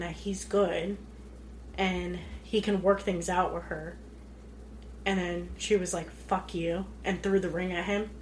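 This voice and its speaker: A woman's voice: lowish voice, a little hiss or hum. A woman co-hosting a podcast, chatting casually about a film and acting out the characters' lines as she retells it. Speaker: podcast co-host. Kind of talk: casual chat recapping a film.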